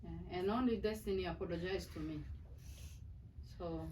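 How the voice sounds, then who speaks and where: At a family meeting, a middle-aged mother lectures her children firmly and earnestly, repeating "do you hear me." Her voice is fairly low and dark, at a moderate pace, captured by a distant mic with faint background noise.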